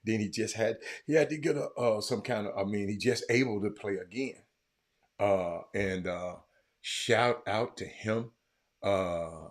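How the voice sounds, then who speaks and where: A man hosting a casual sports talk show, loud, excitable and rambling, with some swearing. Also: fairly low pitch, slow pace.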